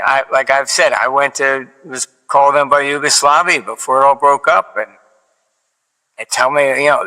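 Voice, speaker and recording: A man talking casually, wandering from anecdote to anecdote with plenty of ums and false starts. His voice has a bright, forceful edge at a middle pitch. A long hall reverb trails behind each phrase. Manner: rambling, many fillers and restarts; dry storyteller who acts out quoted exchanges. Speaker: financial analyst guest.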